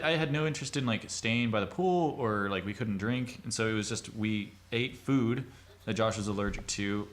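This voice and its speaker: A young man in casual chat, telling a story in halting, self-correcting bits. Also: on the low side, a bit bright. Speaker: podcast co-host.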